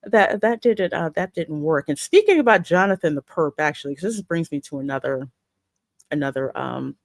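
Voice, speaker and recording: Animated woman chatting about a film. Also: low voice, gravelly, dry recording. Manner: animated, hurried and full of restarts. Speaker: film review co-host. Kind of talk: casual review chat.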